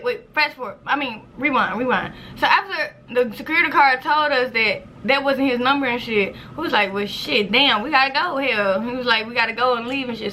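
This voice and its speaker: Woman in her twenties, casual storytime vlog, profane, animated, quotes in squeals, bright, slightly high. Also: a little hiss or hum. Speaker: vlogger.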